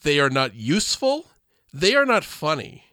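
A man in casual podcast chat reviewing a movie, sarcastic and animated, acting out lines in squeaky voices. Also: moderate pace, dry recording. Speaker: podcast co-host.

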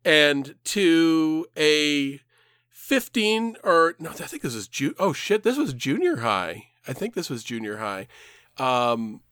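A man's voice: fairly high pitch, big pitch swings, slow, a bit bright, dry recording, studio quality. Rambling, foul-mouthed man telling a story. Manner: rambling, swears freely, laughs mid-story. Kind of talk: casual storytelling chat.

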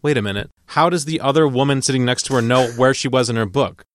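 A man's voice: mid-range voice, quick pace, no room sound. A man in casual podcast chat about a film, wry and chuckling. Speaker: podcast co-host.

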